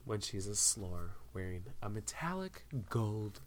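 A woman's voice: extremely low pitch, very animated, unhurried, slight background noise. A woman co-hosting a casual chat, joking and teasing with a sarcastic, profane edge. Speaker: podcast co-host.

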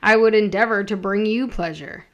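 A woman voicing a young woman disguised as a male sailor, nervous and formal, with her voice pushed lower. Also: normal speed, fairly bright tone, lo-fi sound, close to an everyday voice. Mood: flustered.

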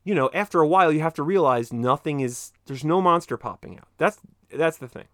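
A man's voice: on the high side, a little fast, fairly bright tone, no echo, clean studio sound. A man hosting a podcast in casual chat, telling stories animatedly and swearing freely. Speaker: podcast host.

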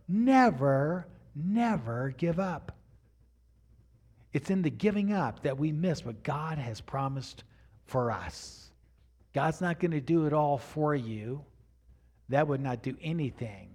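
A middle-aged man preaching a sermon to a congregation, talking straight to them and building to near shouts at the peaks. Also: mid-range voice. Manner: addresses the congregation directly. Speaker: pastor. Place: church sanctuary before a congregation.

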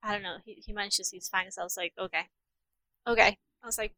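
A woman speaking English as a second language, chatting eagerly and excitably as a guest. Her voice is bright and mid-pitched. The sound is dry. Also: fairly quick, dry recording, low-quality recording. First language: not English. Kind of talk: casual chat.

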